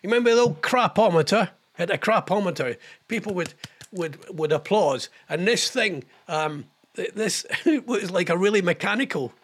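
A man's voice: sits high, expressive, fairly bright tone. An older man hosting a casual live show, chatting in a rambling way about old television and reading viewer messages. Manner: rambling, chatty, quick impressions and laughs. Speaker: host of a live online radio show.

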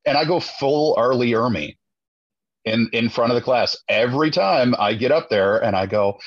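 Husky animated man telling classroom stories. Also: mid-range voice, normal speed, dry recording. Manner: animated storyteller, acting out his own drill-sergeant lines in a raised voice. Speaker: teacher. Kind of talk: casual chat. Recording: dull, dry lo-fi recording.

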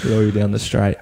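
A man's voice: on the low side, vocal fry, a little mellow, husky, poor audio. A young Australian man co-hosting a podcast, teasing and mock-outraged in casual chat. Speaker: podcast co-host.

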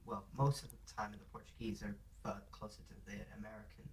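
A man's voice: fairly low pitch, steady tone, quick pace, slight background noise. Thoughtful man in casual podcast chat.

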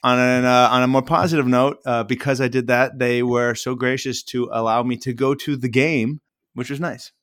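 A man's voice: medium pitch, steady tone, moderate pace, fairly bright tone, dry recording, clean studio sound. A man, a podcast host casually telling a rambling anecdote full of "like" fillers. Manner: rambling anecdotal, frequent "like" fillers, mimics others in quotes. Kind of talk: casual storytelling chat.

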